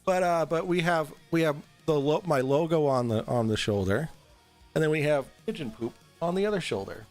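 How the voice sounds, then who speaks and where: A man's voice: on the high side, lively intonation, moderate pace, soft background music. A man hosting a casual livestream talk show, rambling and swearing as he reads and answers chat while drinking on air.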